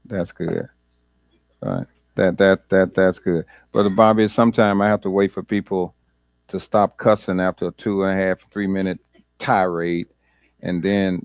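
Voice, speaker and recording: Man, pastor, Bible study talk, low voice, dry close mic, conversational. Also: a little mellow, smooth, no room sound. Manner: conversational, repeats words, laughs easily.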